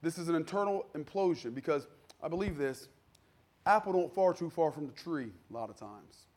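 High-voiced preacher man, conversational. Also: expressive, normal speed. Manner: conversational preaching, acts out quoted voices, builds to shouting. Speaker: pastor. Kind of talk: sermon.

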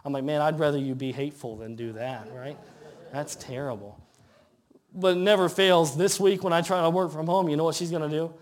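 Man, pastor, church sermon, slightly high voice, rhetorical questions, slow scripture reading. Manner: conversational preaching with rhetorical questions, reads scripture slowly. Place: church sanctuary.

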